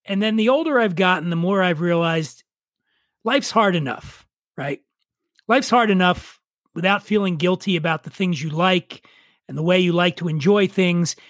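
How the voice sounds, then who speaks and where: A middle-aged man with a high voice talks in a loose, profane, opinionated way, spinning stories in casual conversation. The sound is dry and close. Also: moderate pace, fairly bright tone, no echo. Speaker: podcast guest. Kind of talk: casual chat.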